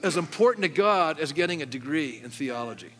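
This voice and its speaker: His voice is on the high side and a bit bright, a little fast, with lively intonation: a middle-aged male pastor preaching in a church sanctuary. The sermon closes with an altar call, and he keeps it conversational, often questioning the congregation, over long hall reverb and faint music.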